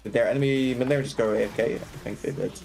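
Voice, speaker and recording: Young man, game coaching stream, rapid talk, keeps asking "right?", faint music behind. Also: mid-range voice, steady tone, gravelly, darkish tone. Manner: quick, explanatory, keeps checking in with "right?" and "okay?"; laughs and banters with chat. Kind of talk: live gameplay commentary.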